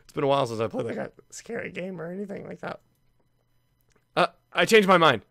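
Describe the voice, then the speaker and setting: A young man with a gravelly edge to his voice, talking through a game as he plays it. His pitch sits a little high and swings widely, and he repeats himself in a nervous, jumpy way as he reads the game text aloud. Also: sing-song, a little fast, bright, forceful tone, dry recording, clean studio sound. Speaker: let's play gamer. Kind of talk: casual gameplay commentary reading game text aloud.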